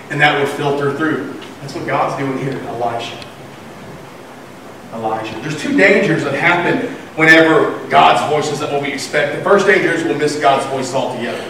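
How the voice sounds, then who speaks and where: Pastor, male, high voice, lively storyteller, picked up at a distance in a reverberant sanctuary. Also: normal speed, a little hiss or hum. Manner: animated storytelling, acting out voices. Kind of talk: sermon. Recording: echoey room from far off.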